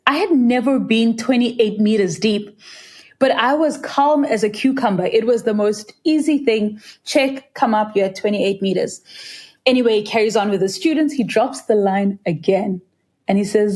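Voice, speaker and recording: A woman's voice: normal speed, a little mellow. Earnest South African woman recounting a dive. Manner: earnest and vivid, acts out quoted voices in a higher pitch. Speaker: freediver, guest. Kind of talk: reflective interview storytelling.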